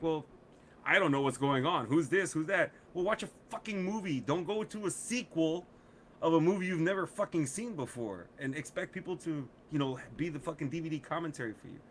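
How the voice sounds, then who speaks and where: A man's voice: on the high side, expressive, a little fast, slight background noise. A middle-aged man co-hosting a casual podcast chat, swearing a lot and ranting with frequent laughs. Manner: profane, ranting, laughs often. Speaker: podcast co-host.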